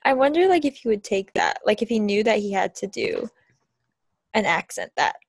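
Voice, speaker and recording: A woman's voice: medium pitch, very animated, normal speed, gravelly, breathy edge, no echo. A young woman co-hosting a casual podcast chat over a video call, chatty and laughing often. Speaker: podcast co-host. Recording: crunchy video call audio.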